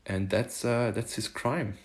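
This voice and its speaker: A man from Germany hosting a casual livestream, chatting with viewers and haltingly trying out Chinese phrases. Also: fairly low pitch, steady tone. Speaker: livestream host. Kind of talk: casual live chat answering viewers.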